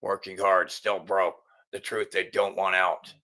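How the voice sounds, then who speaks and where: A middle-aged man hosts his own angry monologue, his voice strained and piercingly tense. He swears constantly, restarts his sentences and presses on in agitation. A gravelly rasp runs under his low voice. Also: little pitch movement, unhurried, sharp tone. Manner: profane, agitated, stumbling restarts. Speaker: channel host.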